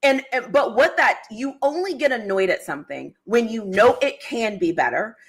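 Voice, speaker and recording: A woman's voice: a little high, moderate pace, breathy edge. An upbeat woman hosting a live football podcast, chatting with a guest. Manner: upbeat, lively, laughs often. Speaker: podcast host.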